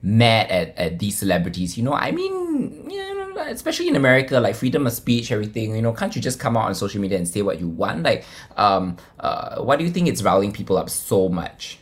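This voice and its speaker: A man's voice: lowish voice, brisk, few pauses, breathy edge. A young man co-hosting a casual pop culture podcast, talking conversationally and often ending with "right?". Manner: lively, conversational, tag questions like "right?". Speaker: podcast co-host.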